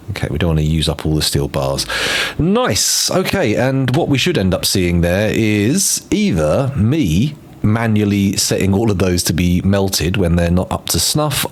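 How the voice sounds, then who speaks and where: A man streaming a game in casual commentary, rambling and joking to himself as he plans, speaking into a desk microphone. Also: sits low. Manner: rambling, playful, mutters to himself while planning.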